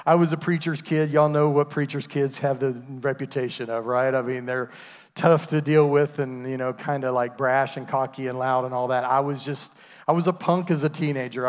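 A man, preaching a sermon with call-and-response asides. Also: mid-range voice. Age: 50s. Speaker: pastor. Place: church sanctuary. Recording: long hall reverb.

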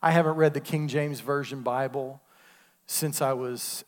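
A man's voice: mid-range voice, fairly even intonation, measured pace. A man, preaching a sermon with call-and-response asides. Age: 50s. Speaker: pastor. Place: church sanctuary. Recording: long hall reverb.

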